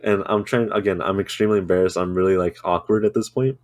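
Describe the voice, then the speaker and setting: A man's voice: low voice, steady tone, fast talker, a little mellow, dry recording. A man co-hosting a podcast, telling a rambling story in casual chat, swearing freely and laughing often. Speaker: podcast co-host.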